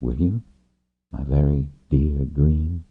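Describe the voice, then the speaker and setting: A man voicing a passionate young wing leader who speaks earnestly and gently, with intense warmth toward his partner. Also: deep voice, animated, a little slow, slightly rough, no room sound, voice pushed up, heavily acted. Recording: tinny phone-like, dry.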